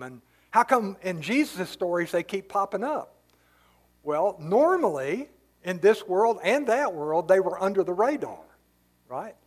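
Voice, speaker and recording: Casual, high-voiced male preacher. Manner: casual, explanatory, tells stories with many asides. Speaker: pastor. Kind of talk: conversational Bible teaching sermon.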